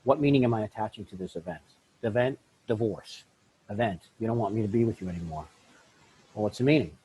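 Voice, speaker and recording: A middle-aged man talking candidly as a podcast guest, blunt and animated, laughing often and acting out little scenes. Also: fairly low pitch, fast, a little hiss or hum, rough recording. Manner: animated, blunt, laughs often, acts out voices in his stories. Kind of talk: candid conversational self-help talk.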